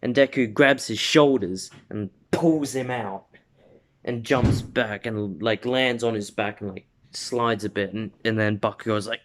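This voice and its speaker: A man's voice: on the low side, steady tone, measured pace. A man casually retelling a fan-made story, rambling with lots of "like" and restarts. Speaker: video host.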